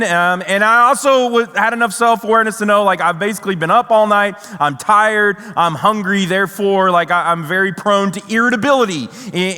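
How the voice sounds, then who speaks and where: A man's voice: sits high, sharp tone, in a large hall. A man preaching a sermon, telling a story in a wry, conversational way with frequent restarts. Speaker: pastor. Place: large church auditorium.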